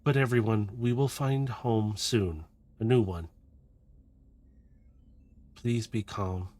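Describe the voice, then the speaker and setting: A man voicing a calm female robot leader who speaks softly and soothingly in a tabletop game. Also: on the low side, slow pace, no echo. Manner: soft, pleading, soothing.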